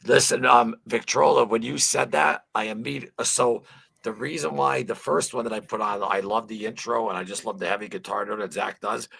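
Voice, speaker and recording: A man's voice: lowish voice, gravelly, fairly bright tone, breathy edge. A man hosting a casual livestream chat, rambling with lots of fillers and swearing freely. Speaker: livestream host.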